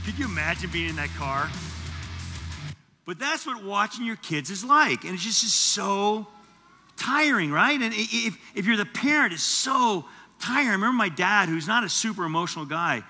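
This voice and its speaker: A man preaching a sermon as teaching pastor, animated and conversational, with asides to the congregation. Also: sits high, normal speed, in a large hall, soft background music. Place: church auditorium.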